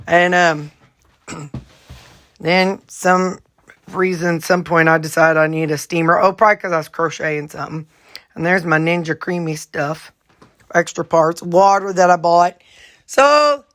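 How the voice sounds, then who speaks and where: Moving between the kitchen and storage room, a woman chats through her chores and morning routine for a relaxed home vlog, addressing her dogs along the way. Her voice is lowish with a fairly bright tone.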